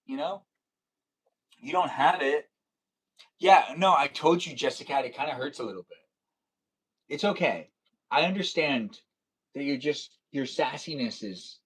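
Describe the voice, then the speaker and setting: A man's voice: mid-range voice, animated, normal speed. A man chatting casually on a livestream, reading the chat aloud and teasing his viewers playfully.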